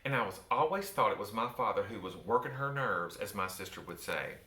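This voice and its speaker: A man from the Southern US with a softened Southern accent, telling a personal story from his book in a wry, theatrical way with joking asides. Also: lowish voice, lively intonation, fairly quick. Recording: roomy echo.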